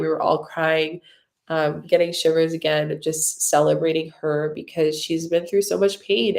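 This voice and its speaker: A woman's voice: sits low, vocal fry, darkish tone. A woman hosting a live stream, answering viewer comments in a loose, rambling way, effusive and openly emotional with lots of gratitude. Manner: loose, rambling with many fillers. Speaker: spiritual mentor and channel host.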